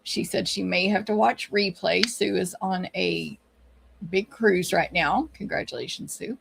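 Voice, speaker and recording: A woman's voice: fairly low pitch, fairly even intonation, measured pace, vocal fry, noisy background. A middle-aged woman with a Texan accent hosts a casual live stream, chatting and greeting viewers one by one by name. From Texas. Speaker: livestream host and papercraft teacher.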